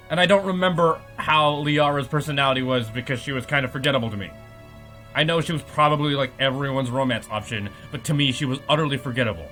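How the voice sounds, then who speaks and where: A man's voice: medium pitch, fast talker, bright, forceful tone, soft background music. A man hosting a podcast, giving a comedic, profane recap of a game plot and laughing often. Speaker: podcast host.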